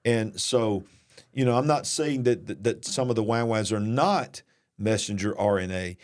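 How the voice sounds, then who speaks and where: A man's voice: fairly low pitch, normal speed. A man hosting a talk show, talking in a rambling, emphatic way and restarting his sentences. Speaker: podcast host. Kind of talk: casual conversational commentary.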